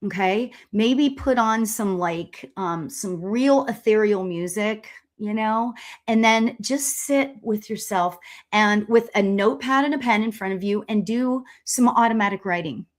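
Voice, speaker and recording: A woman spiritual medium doing a live stream tarot reading. She talks in a gushing, chatty way with many laughs and excited exclamations. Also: mid-range voice, a little slow. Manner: chatty and rambling, with fillers and restarts.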